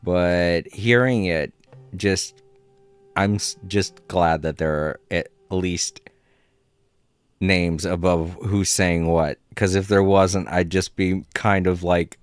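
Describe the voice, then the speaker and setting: A man's voice: deep voice, slow pace, clean tone, no echo, studio quality. A man streaming a game, chatting casually and rambling, laughing often and swearing a little. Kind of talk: casual live-stream chat.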